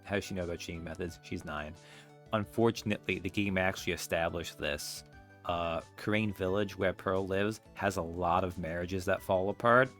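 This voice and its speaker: A man's voice: sits low, steady tone, moderate pace, fairly bright tone, faint music behind. A man commenting on a video game with wry, self-mocking asides. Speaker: let's play streamer.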